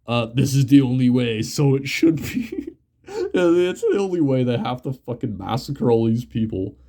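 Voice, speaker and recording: A man's voice: medium pitch, wildly swooping pitch, moderate pace, mellow. A young man casually reviewing a comic, rambling with many fillers, swearing often and laughing. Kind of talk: casual chat.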